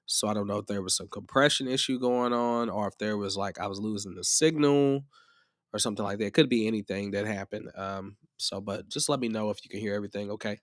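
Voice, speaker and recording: A man's voice: fairly low pitch, fairly even intonation, fast talker, no echo, clean studio sound. A man hosting a live music-production tutorial stream, rambling in a casual, chatty way while a bit under the weather. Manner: rambling and chatty, often restarts.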